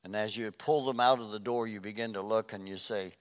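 Preacher, man, middle-aged, lowish voice, dynamic sermon delivery. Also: steady tone, moderate pace. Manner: swings from loud emphatic preaching to soft hushed tones.

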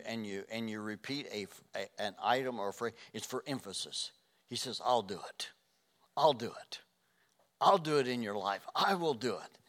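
An older man preaching a sermon, earnest, dropping to a hush and then rising loud. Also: medium pitch. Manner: earnest, swings from hushed to loud. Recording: reverberant hall.

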